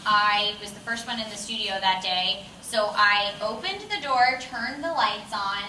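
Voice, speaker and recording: Woman telling a funny story in an echoey room. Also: mid-range voice. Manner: bubbly, self-mocking storytelling with laughs and quoted voices. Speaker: voice actor. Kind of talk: casual anecdote telling. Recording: roomy, distant mic with clear room noise.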